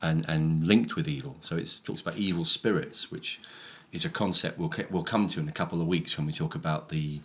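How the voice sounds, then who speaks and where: A man, a church leader reflecting on a Sunday sermon in casual chat. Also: very deep voice. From England, Brighton. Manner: reflective, explaining with slow emphasis.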